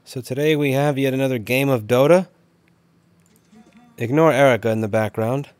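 A man hosting a casual game stream, chatting wryly and shouting when the action heats up. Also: medium pitch, normal speed, no room sound. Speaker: host.

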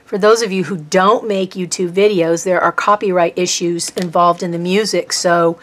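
A woman's voice: on the low side, steady tone, moderate pace. A woman from Texas with a Norfolk, Virginia accent, chatting casually and rambling a little as she paints on her art vlog. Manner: rambling, chatty, self-deprecating. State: tired. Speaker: art vlogger. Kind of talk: casual chat while painting.

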